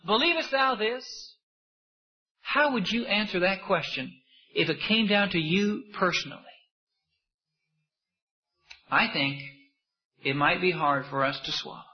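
A man preaching a sermon with impassioned rhetorical questions, swinging between loud emphasis and hushed asides. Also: sits high, unhurried, long pauses, muffled recording.

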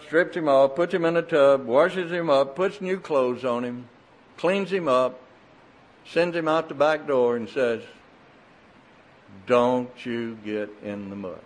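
An older man preaching a sermon, telling folksy stories in an animated, emphatic way. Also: on the high side, a little slow.

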